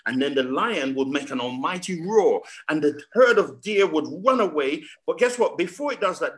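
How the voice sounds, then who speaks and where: A man's voice: mid-range voice, fairly bright tone. A man, preaching a sermon over a video call. He repeats words, builds emphasis and keeps asking the congregation questions. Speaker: pastor.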